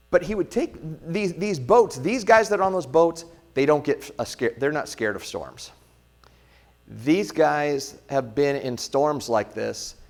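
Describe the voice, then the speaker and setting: Conversational pastor preaching, rising and dropping. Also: male voice, on the high side. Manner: conversational preaching with rhetorical questions, swings loud and quiet. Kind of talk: sermon. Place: church sanctuary.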